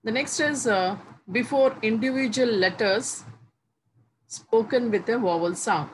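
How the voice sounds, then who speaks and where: A woman teaching English grammar, explaining each rule slowly and repeating the example words one by one with pauses between phrases. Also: a little high, low-quality recording. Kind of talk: slow, deliberate classroom explanation. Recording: faint background noise.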